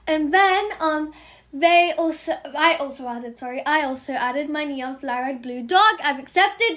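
Woman, high voice, hyper fast chatter, gaming vlog commentary, apologetic. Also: animated, a bit bright. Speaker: gaming channel host. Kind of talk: game trading commentary vlog.

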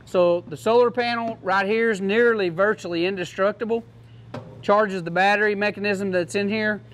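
Folksy man with a high voice. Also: steady tone, moderate pace, a bit bright, slight background noise. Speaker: product demonstrator. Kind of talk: casual product demo to a class.

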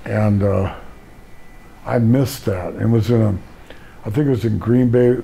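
Gravelly older man telling wrestling stories. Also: on the low side, fairly even intonation, a little slow, dark tone, a little hiss or hum. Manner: rambling storyteller, frequent restarts. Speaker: retired pro wrestler, guest. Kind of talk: casual career interview.

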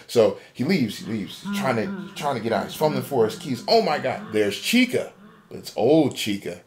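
A man's voice: mid-range voice, very animated, normal speed. A man casually retelling a game theory as a story, acting out a panicked character's inner voice. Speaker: podcast co-host. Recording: amateur podcast recording.

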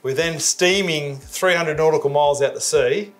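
A man's voice: a little high, moderate pace. A man with an Australian accent hosting a fishing show, chatting casually, teasing and laughing a lot. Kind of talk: casual chat. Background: music.

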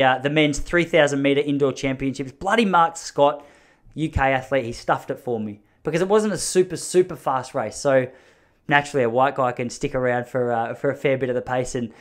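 Guy rambling on his podcast, jokey and self-mocking, mid pitch. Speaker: podcast host. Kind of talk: solo podcast monologue.

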